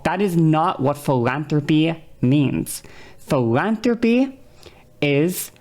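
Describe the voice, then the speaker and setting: A woman's voice: low-pitched, a little mellow. A woman streamer arguing heatedly with her chat, exasperated and swearing often as she rants.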